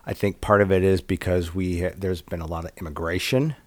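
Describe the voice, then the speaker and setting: A man's voice: sits low, fairly even intonation, fairly quick, no room sound. A middle-aged man from Minnesota in casual podcast chat, plainspoken with a dry sense of humor. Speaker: podcast co-host. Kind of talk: casual conversation.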